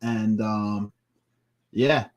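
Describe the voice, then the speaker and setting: A man's voice: fairly low pitch, steady tone, extremely slow, darkish tone. A man hosting a live podcast, chatting casually and rambling, repeating himself and quoting movie lines. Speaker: podcast host.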